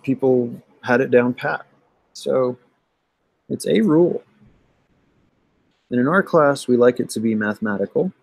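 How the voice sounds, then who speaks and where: A man teaching math, walking through exam solutions in a conversational way, often pausing with "um" and checking in with "right?". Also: mid-range voice, vocal fry, darkish tone, no echo, rough recording. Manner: conversational, thinks aloud with many "um" and "right?". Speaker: math instructor. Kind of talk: recorded lecture going over an exam.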